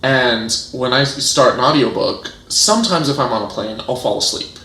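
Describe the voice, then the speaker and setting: A man's voice: medium pitch, moderate pace. A man, a guest in a casual interview, telling stories with lots of fillers and restarts. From United States. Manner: animated storytelling, many restarts and fillers. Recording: roomy echo.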